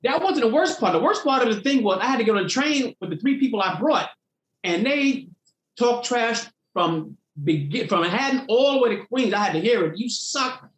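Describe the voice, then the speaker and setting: Fairly quick and very high-voiced, a comedian guest spins stories from his career for an interviewer in an echoey room. He tells them with animation, voicing each person he mentions.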